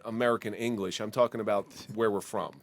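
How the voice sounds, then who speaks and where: A man's voice: fairly low pitch, steady tone, fast talker, creaky. A man with a New Jersey accent hosting a podcast, asking questions and teasing his guest. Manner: joking, asks questions. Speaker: podcast host. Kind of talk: casual interview chat.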